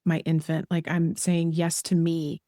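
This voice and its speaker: A woman hosting a podcast who answers her guest in a reflective, thoughtful way. Her voice is low and mellow. The sound is dry and close to the mic. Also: monotone, a little slow, dry recording. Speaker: podcast host. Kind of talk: reflective interview talk.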